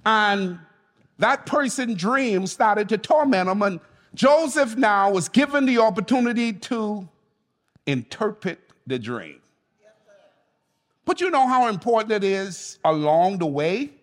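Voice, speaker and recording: A man's voice: high-pitched, animated, measured pace, long reverb tail. A man preaching a sermon as pastor, speaking emphatically and calling on the congregation to respond. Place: church.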